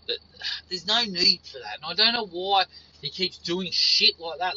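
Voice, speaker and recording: A man's voice: on the high side, animated, moderate pace, bright, forceful tone, slightly rough, dull audio. A man ranting casually as a frustrated horror fan, swearing often and repeating his points. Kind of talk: casual profane rant.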